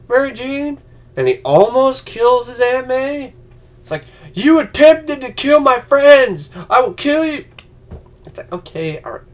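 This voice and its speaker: High-voiced man ranting angrily. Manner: profane, ranting, mocking voices. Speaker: vlogger. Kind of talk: angry ranting vlog.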